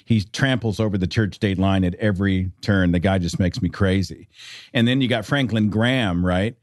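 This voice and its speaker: A man guesting on a podcast in casual chat, wry and outspoken in a measured way. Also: sits low, dry recording, clean studio sound.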